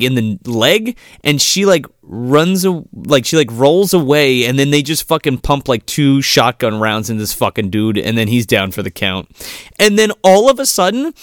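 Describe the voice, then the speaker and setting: A man co-hosting a podcast, recapping a movie in profane, animated casual chat and acting out the characters' lines. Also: fairly high pitch, no room sound, studio quality. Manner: profane, animated retelling with acted quotes. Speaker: podcast co-host.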